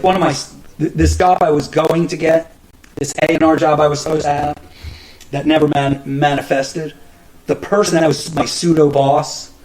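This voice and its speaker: Middle-aged male podcast host, loose profane storyteller, slightly high voice. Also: darkish tone, low-quality recording. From New Jersey. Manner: rambling, profane, many restarts and fillers. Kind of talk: casual storytelling monologue.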